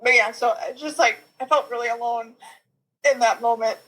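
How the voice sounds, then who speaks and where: Bright-voiced young woman telling her story. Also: on the high side, steady tone, normal speed, rough recording. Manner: rambling, heavy use of "like" and "you know", nervous little laughs. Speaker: podcast guest. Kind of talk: personal birth story in conversation.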